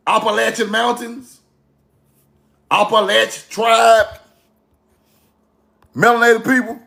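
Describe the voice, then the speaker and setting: In a high-pitched, fairly bright voice with vocal fry, a man chats casually with his viewers about history. He stresses points repeatedly and checks in with rhetorical "right?" questions.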